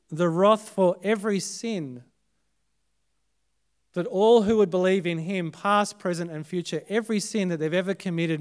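A man with an Australian accent preaching a Good Friday sermon in church, dramatic, often dropping to a hushed voice after loud emphasis. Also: high voice, clear, resonant tone. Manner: dramatic, swinging between loud emphasis and hushed, quiet phrases. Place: church service.

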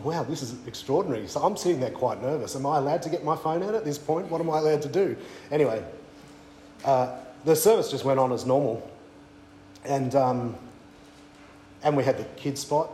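A man's voice: on the high side, darkish tone, echoey room, a little hiss or hum, low-quality recording. An Australian man preaching a sermon at a weekend away, conversational, with frequent fillers and restarts. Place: church weekend away venue.

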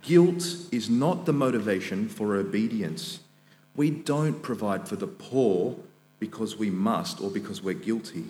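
A young man preaches a sermon in a church, his voice carrying a long, roomy reverb. He speaks in earnest, lifting high and loud when he voices the scripture he quotes. A low electrical hum sits faintly under the recording. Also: animated, a little slow. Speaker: student minister. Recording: echoey church hall with mains hum.

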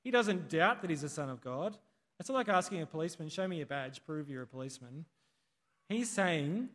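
Aussie pastor guy preaching, kinda high voice, chatty, asks the crowd stuff, echoey church hall. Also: animated, a little fast, a bit bright. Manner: conversational, asks the congregation questions. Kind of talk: sermon.

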